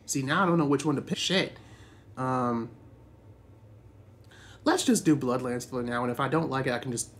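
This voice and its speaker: A young man casually commenting on his own gameplay, chatty and excitable, swearing freely and reacting loudly to what happens on screen. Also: medium pitch, normal speed, long pauses. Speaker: gaming channel host.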